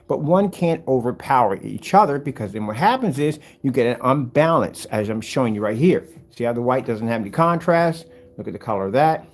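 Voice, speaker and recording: Animated, husky man ranting at critics. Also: medium pitch. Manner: combative, animated, talks straight to critics. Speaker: seller demonstrating projector screen paint. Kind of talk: product demonstration rant.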